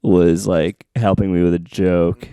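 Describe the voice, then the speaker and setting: A man's voice: sits low, unhurried, clean tone, no room sound, studio quality. A man, a comedian, chatting on a podcast, telling stories with acted-out quotes and frequent laughs. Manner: animated storyteller, acts out quotes, laughs often. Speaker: comedian guest. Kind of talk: casual chat. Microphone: studio mic.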